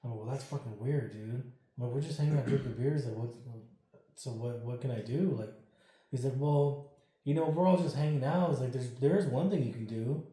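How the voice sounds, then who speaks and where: Male interview guest, casual storyteller with a mellow, dark tone who acts out the lines and curses freely, in a very echoey room. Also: mid-range voice, fairly quick. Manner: animated, acts out quoted dialogue, swears freely.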